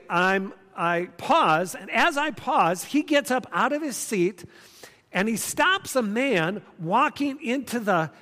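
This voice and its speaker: A man's voice: high voice, fairly bright tone. A man in his fifties preaching a sermon, earnest and conversational, telling stories with emphatic repeats. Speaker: pastor. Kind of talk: sermon with storytelling. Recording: long hall reverb.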